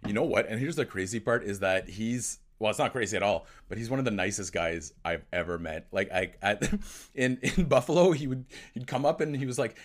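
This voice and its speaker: A man whose first language is French, hosting a hockey podcast in casual chat, excitable with quick asides. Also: mid-range voice. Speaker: host.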